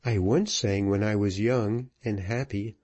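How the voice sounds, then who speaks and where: A man reading a novel aloud, voicing a gentle, wistful woman who was once a celebrated singer. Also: lowish voice, fairly even intonation, a little slow.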